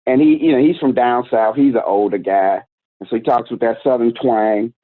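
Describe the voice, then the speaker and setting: A man's voice: mid-range voice, moderate pace. A man in his forties, a youth organization director and interview guest, telling a story in a candid, slangy, conversational way. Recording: tinny phone-like dry sound.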